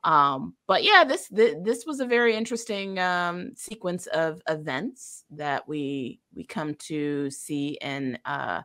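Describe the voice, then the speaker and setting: A woman with a lowish voice and a bright, forceful edge gives emphatic opinions in casual podcast talk. She repeats points for stress and pads her thoughts with "um" and "uh". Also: lively intonation, takes it slowly, few pauses. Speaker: podcast co-host.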